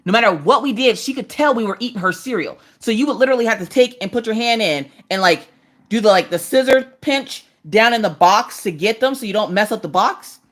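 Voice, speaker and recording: A woman in her thirties hosting a livestream from her couch at home, chatting casually and telling animated stories, slipping into voices for the people she quotes. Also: fairly high pitch, brisk. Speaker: livestream host. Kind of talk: casual chat while crafting.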